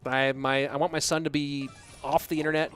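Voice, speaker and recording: A young man with a slightly high voice casts a game live from his home office, rambling and chatting straight to his viewers. Faint game music plays underneath him. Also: flat delivery, a little fast, fairly bright tone. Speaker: esports caster. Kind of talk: solo live-stream commentary and chat reading.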